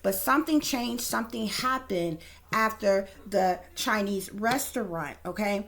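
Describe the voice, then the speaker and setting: A woman's voice: medium pitch, unhurried, fairly bright tone. A woman psychic reader giving casual, blunt, profane commentary straight to her viewers.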